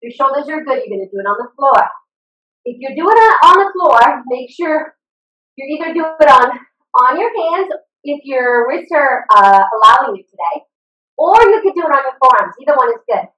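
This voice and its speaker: A high-pitched woman with a bouncy, swooping voice coaches an online exercise class, upbeat and encouraging with cheering whoops. She sounds a little off the mic in an echoey room, picked up on a video call. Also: animated, moderate pace, pushed and bright, far from the mic, lo-fi sound. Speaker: fitness instructor. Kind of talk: live online workout coaching. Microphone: video call computer mic.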